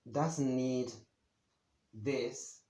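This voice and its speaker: A man's voice: mid-range voice, warm tone. Patient male teacher, at a board in a roomy, echoing room. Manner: slow, patient, with many pauses and fillers. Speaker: Spanish teacher. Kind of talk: beginner language lesson at a whiteboard.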